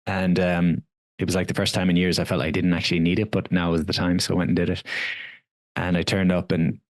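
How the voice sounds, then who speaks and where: A deep-voiced man talks quickly and candidly, in the loose, filler-strewn way of a podcast guest telling his own story. His voice sounds dry and close, with no room around it. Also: level tone, no room sound. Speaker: wellness coach guest. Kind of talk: casual podcast conversation.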